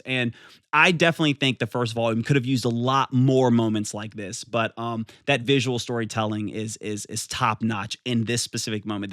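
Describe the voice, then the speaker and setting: A man reviewing a manga in a casual, excitable way, stumbling over restarts and fillers as he goes. His voice sits at an ordinary middle pitch. The sound is dry and close, with no room echo. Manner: enthusiastic, rambling with many fillers and restarts.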